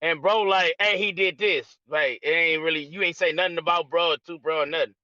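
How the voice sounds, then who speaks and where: A man with a high, bright voice asks a panel guest questions, working his way slowly to the point. The recording sounds dull and lo-fi, with no room echo at all. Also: fairly even intonation. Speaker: podcast panelist. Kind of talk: casual chat.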